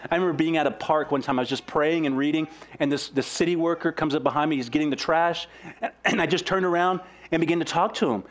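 A young man preaching a sermon in an earnest, animated way, with sudden swings in pitch and pace. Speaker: pastor.

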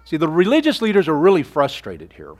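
Earnest preaching man, fairly high voice. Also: huge pitch swings, a little fast, darkish tone, muffled recording. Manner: earnest preaching, rhetorical questions, drops to near-whisper on key lines. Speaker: pastor. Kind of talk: sermon.

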